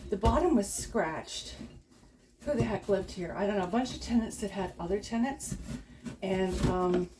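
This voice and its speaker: A woman's voice: mid-range voice, expressive, moderate pace, noisy background. A middle-aged woman chatting casually and encouragingly while she cleans at home, laughing often. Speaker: cleaning vlogger. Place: home kitchen at the sink. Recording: loud dishes and running water. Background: clattering dishes, pots and running water.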